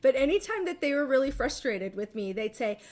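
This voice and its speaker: A middle-aged woman therapist explaining steps in a measured way, often checking in with "right?". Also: sits high, sing-song, darkish tone. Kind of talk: therapy session talk.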